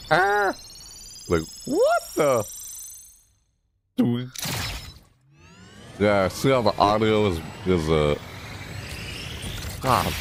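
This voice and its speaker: Low-voiced excitable man reacting live. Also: background noise. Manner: excitable, rambling, laughs often. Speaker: reaction streamer.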